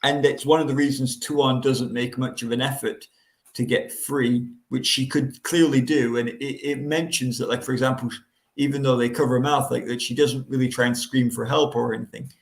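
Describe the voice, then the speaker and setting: A man's voice: mid-range voice, fairly even intonation, brisk, roomy sound. A man co-hosting a podcast, explaining a book's details in a confident, casual way. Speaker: podcast co-host. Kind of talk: casual chat explaining a book.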